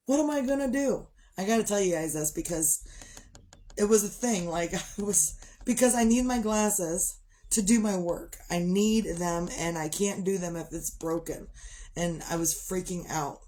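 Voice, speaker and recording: Tired middle-aged woman, low-pitched, rambling livestream chat with sighs. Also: dark tone. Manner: rambling, chatty, yawning and sighing. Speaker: livestream host. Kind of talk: casual chat.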